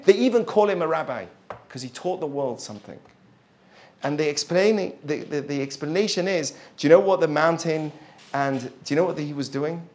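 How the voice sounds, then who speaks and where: A man teaching a Torah lesson, telling a Talmud story with rhetorical questions to his listeners and explaining Hebrew terms as he goes. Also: a little high. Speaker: religious teacher.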